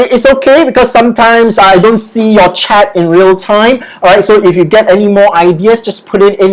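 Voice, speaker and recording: A business lecturer teaches over a livestream, speaking at a middle pitch. The delivery is patient and repetitive, full of "okay" and "all right" as each word is said again and again for practice. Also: poor audio. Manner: peppers speech with "okay" and "all right", drills pronunciation by repetition.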